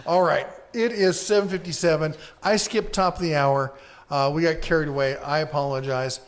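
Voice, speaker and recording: A man's voice: fairly high pitch, fairly even intonation, moderate pace. A man co-hosting a casual live-stream podcast, rambling easily and reading viewer comments aloud.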